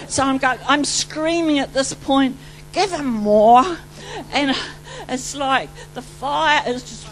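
This is a rambling, excited testimony sermon from a woman preacher from New Zealand, caught on a rough recording with a faint hum beneath. Pitched high, she lurches from loud outbursts into hushed asides.

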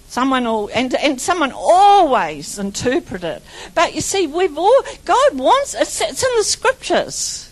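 Woman preacher, high voice, charismatic sermon, rambling and fervent. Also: low-quality recording. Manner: fervent, repeats phrases, breaks into laughter; rambling with restarts and stumbles.

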